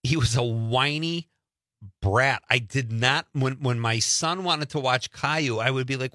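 A middle-aged man hosting a talk radio show, chatting in an animated, opinionated way and laughing often. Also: medium pitch, measured pace, no echo, clean studio sound. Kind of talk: casual talk radio banter. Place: radio studio.

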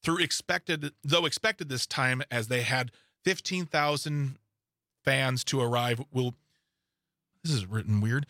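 Bright-voiced man reading headlines with asides. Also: mid-range voice, unhurried, no room sound, clean studio sound. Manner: reads news items aloud with asides and stumbles. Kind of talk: casual podcast chat.

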